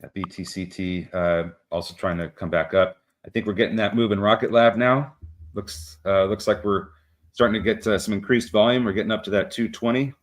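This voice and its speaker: A man's voice: on the low side, steady tone, brisk. A man co-hosting a live trading stream, talking casually with many fillers and small jokes. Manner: rambling, many fillers, self-deprecating jokes. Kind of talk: casual market commentary.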